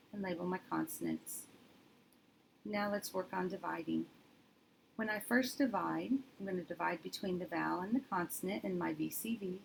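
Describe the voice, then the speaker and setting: A woman teacher demonstrating step by step in a steady, methodical way, thinking aloud as she works. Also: lowish voice, creaky, low-quality recording. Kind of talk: instructional demonstration. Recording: faint background noise.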